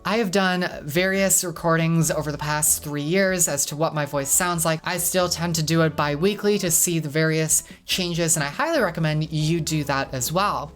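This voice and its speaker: A woman talking candidly to camera in a casual, reflective vlog. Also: low voice. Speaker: vlogger.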